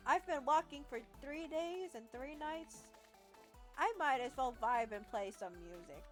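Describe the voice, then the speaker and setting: This gaming-video host has a high, expressive voice and an unhurried pace, with soft music playing underneath. She reads a text adventure aloud, playful and chatty, saying "lol" and tripping over the occasional word.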